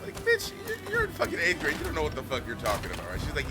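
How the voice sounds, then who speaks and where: A young adult man streaming, telling profane, animated stories and laughing through them. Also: on the high side, rapid-fire. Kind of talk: casual storytelling.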